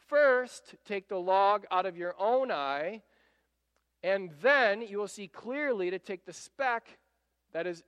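High-voiced preacher in a reverberant hall. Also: male voice, fairly bright tone, clean tone. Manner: conversational preaching, acting out quotes. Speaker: pastor. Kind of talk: sermon. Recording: long reverb of a large hall.

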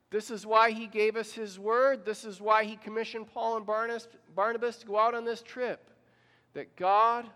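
A man's voice: high voice, level tone, moderate pace, pushed and bright, clear, resonant tone, long reverb tail. A man pastor preaching a sermon, telling the story and asking the congregation questions.

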